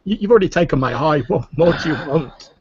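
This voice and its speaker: Male GM playing a frightened captive man, pitched up, stuttering through sobs, lively. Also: fast talker, breathy edge, dry recording, lo-fi sound. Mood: pleading. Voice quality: stammering, whimpering. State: sobbing. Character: terrified stammering male human prisoner, broken and tearful.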